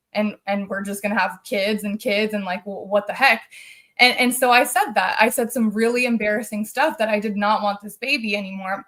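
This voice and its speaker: A woman's voice: mid-range voice, a bit bright. A woman, a guest on a live stream, telling a personal story in an earnest, emotional way and circling back over the details. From United States.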